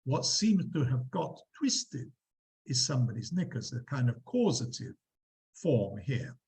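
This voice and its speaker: Man, lecturer, university lesson, animated, questioning students. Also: medium pitch, measured pace, rough recording. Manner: lively, quizzing students, acting out quotes.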